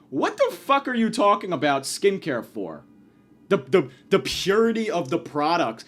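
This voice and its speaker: A man's voice: high-pitched, sing-song, moderate pace, a bit bright. A man hosting a comedy podcast, telling stories in a profane, exasperated rant. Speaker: podcast host.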